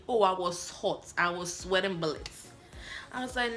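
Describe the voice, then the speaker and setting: A woman from Africa telling a story in a lively vlog, acting out both sides of her phone calls. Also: lowish voice, moderate pace, soft background music. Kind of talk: animated story-time vlog.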